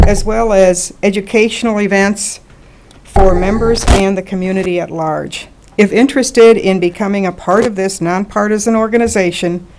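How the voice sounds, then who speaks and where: Lady moderator reading out thank-yous at a town forum, steady and measured. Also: medium pitch. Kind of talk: formal closing remarks. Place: public meeting hall.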